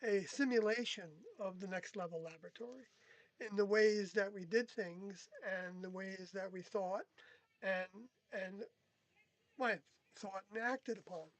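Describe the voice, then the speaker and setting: This speaker rambles through an unscripted reflective monologue, stopping, restarting and correcting themselves as they go. The voice sits at an ordinary middle pitch. The recording is dry and close, with no room echo. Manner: halting, rambling, with many pauses and self-corrections. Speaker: former group member recounting experiences.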